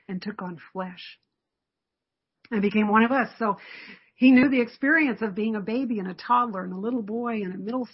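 A woman giving a sermon in an earnest, reflective way, pausing often and laughing softly now and then. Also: medium pitch, slightly rough, dull audio. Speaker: preacher.

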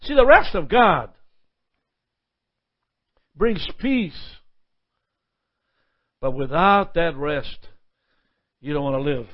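A man's voice: a little high, very animated, slow pace, pauses often, lo-fi sound. A male pastor preaching a sermon with impassioned repetitions and prayerful asides.

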